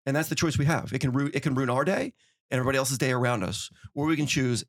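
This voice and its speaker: A middle-aged man telling stories in casual conversation, animated, acting out quotes as he goes. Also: medium pitch. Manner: fast, animated storytelling with acted-out quotes. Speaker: podcast guest, winery owner.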